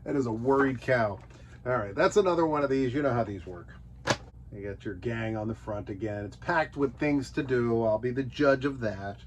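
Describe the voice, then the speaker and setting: A man with a medium-pitched voice hosts a nostalgia show at normal speed, joking through old children's books and occasionally putting on silly character voices. It's casual comedic commentary, and the audio is dull with a noisy background.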